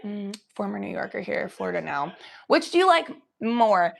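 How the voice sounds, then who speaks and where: A woman's voice: medium pitch, very animated, normal speed, creaky. A young woman from the Cincinnati area, chatting casually on a livestream, swearing freely and reading chat aloud. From Cincinnati area, USA. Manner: chatty, swears freely, reads chat aloud, slips into baby talk for pets.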